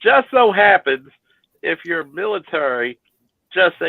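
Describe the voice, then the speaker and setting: A man's voice: high-pitched, big pitch swings, a little slow, vocal fry, no room sound, phone-quality sound. A man hosting a casual chat, swearing freely, laughing and restarting his sentences. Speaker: host.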